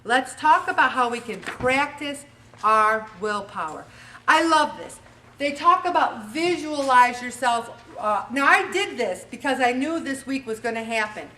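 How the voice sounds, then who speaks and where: A woman in her forties hosting a motivational weight-loss talk, animated and acting out little scenes as she goes. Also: high voice, distant mic, a little hiss or hum. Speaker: weight-loss show host.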